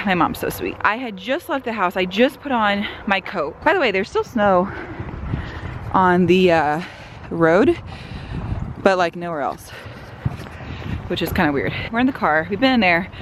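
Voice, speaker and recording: A woman's voice: lowish voice, animated, normal speed, pauses often, noisy background. A pregnant young woman telling a story in a casual vlog, chatty and full of fillers. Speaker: vlogger. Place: outdoors on a walk, then a home kitchen. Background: breeze outside, loud sizzling bacon in the kitchen.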